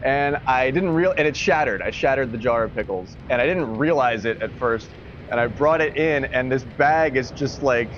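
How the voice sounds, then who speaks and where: A man's voice: mid-range voice, normal speed, a bit bright. A man casually telling a story to a live stream chat at home, rambling, swearing often and laughing as he goes. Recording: dull lo-fi stream audio with faint noise.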